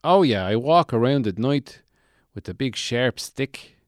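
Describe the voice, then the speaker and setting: A man's voice: mid-range voice, expressive, a little slow, no echo, clean studio sound, pitched above the performer's own voice, natural voice. A man voicing a deluded, gloomy man who lives in a shed, rambling in a meandering, self-pitying yet chirpy way.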